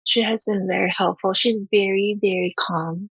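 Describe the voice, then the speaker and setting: A woman's voice: mid-range voice, fairly even intonation, normal speed, a bit bright, breathy edge, no room sound, dull audio. A woman who is a parent, talking candidly and earnestly about her home life in an interview, acting out what her children say. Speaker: parent guest.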